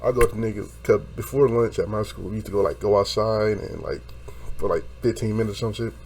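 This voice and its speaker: A young man casually telling a story, animated and profane, acting out quotes and laughing along the way. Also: on the low side, quick pace, faint music behind.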